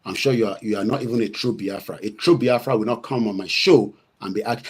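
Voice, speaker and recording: A man's voice: on the low side, quick pace, hardly any pauses, slightly rough. A middle-aged Nigerian man hosting his own online show, giving a heated, combative commentary. He scolds and repeats himself and greets viewers by name.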